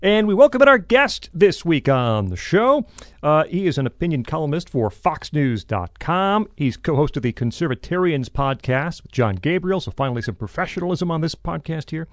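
A man's voice: big pitch swings, moderate pace, dry recording, clean studio sound. A man hosting a podcast, opening the show in an upbeat, chatty way. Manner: upbeat and chatty, with ups and downs in his pitch. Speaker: podcast host. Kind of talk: podcast intro and casual chat.

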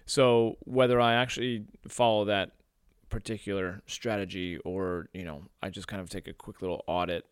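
A man's voice: low-pitched, moderate pace, hardly any pauses, smooth, no echo, clean studio sound. A man hosting his own coaching podcast. He talks casually from a room by a window, rambling with fillers after a punchy intro. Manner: energetic scripted intro, then relaxed rambling with fillers. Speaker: podcast host and men's coach. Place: indoors by a window overlooking a beach.

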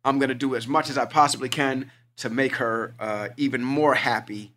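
A middle-aged man co-hosting a podcast, telling stories in an excitable, animated way. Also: medium pitch, normal speed, a little hiss or hum. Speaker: podcast co-host. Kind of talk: casual chat.

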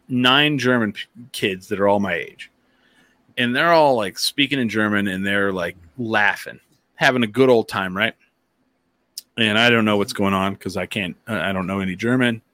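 A man hosting a podcast, chatting casually and telling stories, with animated quoted voices. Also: lowish voice, no echo. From near the Texas border, eastern New Mexico. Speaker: podcast host. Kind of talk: casual chat, storytelling.

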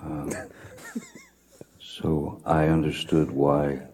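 A man giving slow, halting testimony in a deposition, pausing often with long ums. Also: rumbling low, flat delivery, a little mellow, a little hiss or hum. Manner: deliberate, with long pauses and ums. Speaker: witness in a deposition.

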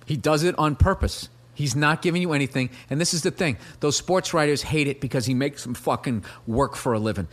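A man argues football with a rapid, fired-up, profanity-laced delivery. His voice sits fairly high for a man. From Boston area. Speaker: podcast guest. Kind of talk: heated casual sports argument.

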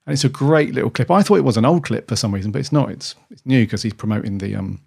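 Fast and gravelly, this podcast co-host's medium-pitched voice has a darkish, slightly rough tone. He chats casually and rambles, restarting often and saying "dude" a lot.

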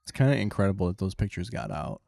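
A man's voice: lowish voice, fast talker, creaky, darkish tone, no room sound, studio quality. A man co-hosting a podcast who laughs through his stories and swears often. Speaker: podcast co-host. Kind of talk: crude casual banter.

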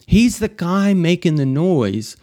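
A man's voice: high-pitched, slow, no room sound. Guy on a podcast rambling through his faith story, lots of ums, dry close sound. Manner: rambling, animated storytelling with frequent fillers. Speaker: podcast host. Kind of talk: casual spoken testimony.

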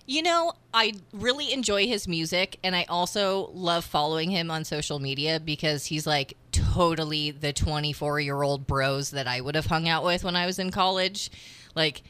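A woman's voice: low voice, moderate pace, fairly bright tone, smooth, no room sound. A woman co-hosting a radio show, chatting casually and using lots of "like" fillers.

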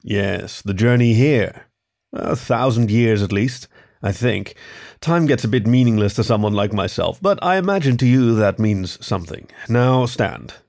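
An ancient god cloaked in darkness speaks in a slow, measured way, as a man narrating puts him on. His lines rise and fall across a lively range. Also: fairly low pitch, vocal fry. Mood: solemn.

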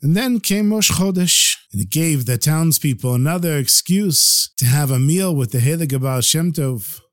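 A man telling a traditional tale as a podcast storyteller, in an expressive, lively way. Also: a little high, moderate pace, no echo, studio quality.

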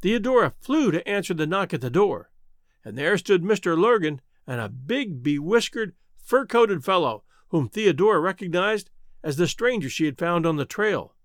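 A man reads a storybook aloud with a highly lively, rising and falling voice. His pitch sits high for a man. The sound is close and dry, with no room around it. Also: moderate pace, no echo. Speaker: audiobook narrator. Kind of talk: storybook narration.

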